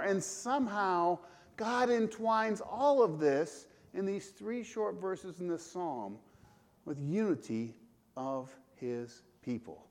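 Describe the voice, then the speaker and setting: A man's voice: high-pitched, normal speed. A man preaching a casual, conversational sermon to a congregation, asking rhetorical questions and slipping in small jokes. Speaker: pastor.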